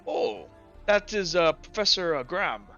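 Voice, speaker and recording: A man voicing a weary old male gardener who talks slowly and haltingly. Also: high-pitched, lively intonation, gravelly, pushed and bright, exaggerated voice. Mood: explaining. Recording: dull lo-fi audio with faint music.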